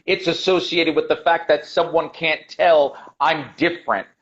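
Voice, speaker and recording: On a video call with dull, lo-fi sound, an American English teacher talks passionately and emphatically, repeating his main points and calling the interviewer "brother." His voice sits on the high side, a bit bright, with fairly even intonation at a normal speed.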